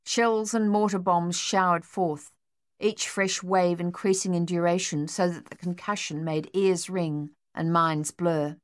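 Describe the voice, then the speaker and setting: A woman with a lowish voice reads an audiobook steadily and with measured delivery. The recording is close and entirely dry, like a treated studio booth.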